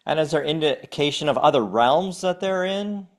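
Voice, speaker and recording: A man's voice: fairly high pitch, expressive, normal speed. A man hosting a podcast, asking curious questions and affirming his guest. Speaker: podcast host. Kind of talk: interview questions.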